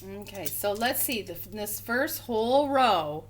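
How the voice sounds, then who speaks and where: Woman, first grade teacher, very slow and deliberate, a middle-pitched voice, recorded at home for an online class. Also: lively intonation, slight background noise. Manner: slow, clear, sounding out words for children. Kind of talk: phonics lesson for young children.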